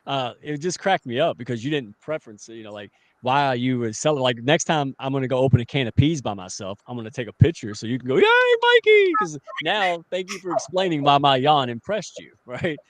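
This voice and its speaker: A man in his forties hosting a casual talk show, joking and teasing his guest in an animated way. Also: medium pitch, a little fast, few pauses, dry recording. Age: 40s.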